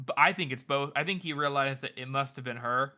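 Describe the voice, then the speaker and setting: Bright-voiced man musing on a book. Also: medium pitch, fairly quick. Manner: reflective, thinks aloud with hedges. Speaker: podcast co-host. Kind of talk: casual book discussion.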